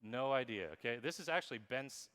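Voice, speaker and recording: A man giving a lively conference keynote on marketing, playful and quizzing the crowd, reading examples aloud in exaggerated voices. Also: medium pitch, brisk. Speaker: keynote speaker. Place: conference hall with audience. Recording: long hall reverb.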